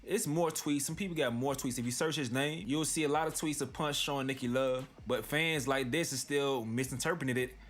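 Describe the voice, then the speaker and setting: A man's voice: medium pitch, brisk, hardly any pauses, a little hiss or hum. A man hosting a commentary channel, reading posts aloud and reacting in loose, slangy casual talk. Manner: reads tweets aloud then reacts, slangy.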